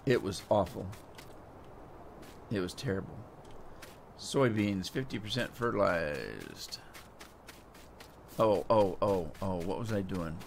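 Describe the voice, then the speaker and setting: A man's voice: sits low, lively intonation, slow, vocal fry, pauses often, a little hiss or hum. A middle-aged man from the United States, a live streamer chatting with viewers by name as he plays a farming game, rambling and easygoing. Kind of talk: casual chat while playing a farming game.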